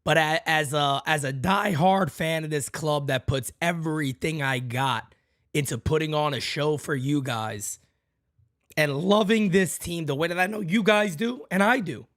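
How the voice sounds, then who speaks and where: Talking straight to his listeners, whom he calls "guys" and "folks," a male fan-podcast host delivers a fiery, foul-mouthed, blunt rant. He speaks a little slowly in a fairly bright, higher voice, and the studio-quality audio has no echo.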